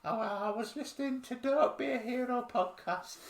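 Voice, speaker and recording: A man voicing a chatty older woman who is driving, telling her story in a high, gossipy falsetto. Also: normal speed, reverberant.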